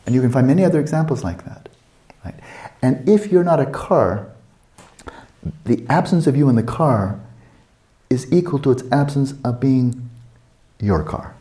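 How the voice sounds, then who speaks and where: Older male dharma teacher, mellow tone, roomy reverb, casual teaching. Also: mid-range voice, animated, normal speed. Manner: conversational, playful asides with acted quotes. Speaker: meditation teacher. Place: retreat teaching hall.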